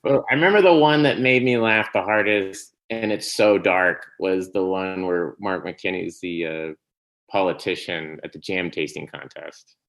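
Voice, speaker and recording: A man, a podcast guest, telling stories in casual conversation, animated and laughing often. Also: low voice, normal speed. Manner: animated storytelling, laughs often, trails off and restarts.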